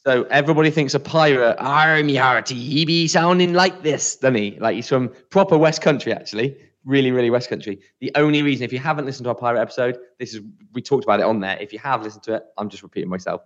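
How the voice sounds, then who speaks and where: A man's voice: mid-range voice, very fast, hardly any pauses. A man co-hosting a casual podcast, chatty and teasing, trying out impressions. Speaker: podcast co-host. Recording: slightly dull lo-fi sound.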